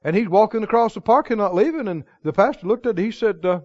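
A man preaching a sermon, chuckling often and swinging from hushed storytelling to loud proclaiming. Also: sits high, expressive, fast, hardly any pauses, no echo. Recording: dull lo-fi recording.

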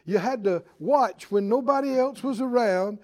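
A man preaching a sermon, animated and acting out Bible figures with chuckles. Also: very high-pitched, moderate pace.

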